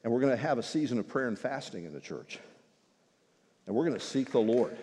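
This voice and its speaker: A man preaching a sermon as pastor, in a lively, conversational way with touches of humor. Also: medium pitch, brisk, a little hiss or hum. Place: church sanctuary. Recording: long reverb in a large hall.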